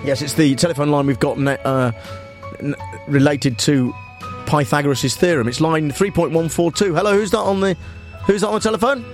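A man hosting a spoof talk radio show, rambling and hesitant with a deadpan delivery. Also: fairly high pitch, fairly quick, faint music behind. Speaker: radio host.

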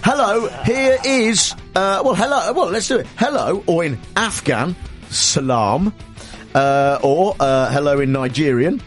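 A man's voice: a little high, big pitch swings, unhurried, soft background music. A man hosting an afternoon talk radio show, rambling through sardonic banter. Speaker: radio host. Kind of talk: comic radio show opening.

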